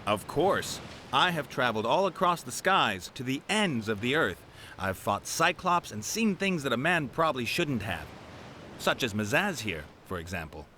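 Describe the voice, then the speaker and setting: A cocky airship captain and treasure hunter from a fantasy game. His bright voice swings up and down as he jokes and teases. Faint background hiss under the track. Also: medium pitch, sing-song, moderate pace. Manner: cocky, jokey, laughing.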